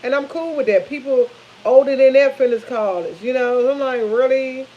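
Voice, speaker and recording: Here a fifty-something vlogger cooks in her home kitchen with a faint sizzle behind her, chatting casually through lively, laugh-filled stories aimed at "y'all." Her voice sits high, her pace is moderate, and the sound is lo-fi.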